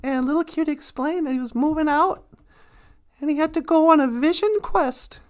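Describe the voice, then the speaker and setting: A woman's voice: high-pitched, moderate pace. A woman telling a children's story casually, loosely and with chuckles, plenty of "uh"s. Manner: loose, chuckling, with frequent fillers.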